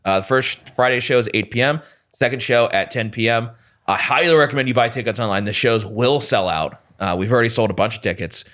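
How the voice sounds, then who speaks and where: Male comedian guest, mid-pitched, animated anecdote teller in relaxed chat. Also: brisk. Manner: animated storytelling, slips into quoted voices. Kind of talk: casual chat.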